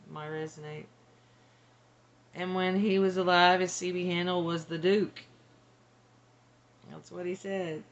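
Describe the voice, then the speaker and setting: A woman's voice: on the low side, fairly even intonation, measured pace, pauses often, highs cut off. A woman working as a psychic medium, relaying channeled messages in a hesitant, tentative way. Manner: hesitant, tentative, laughs between.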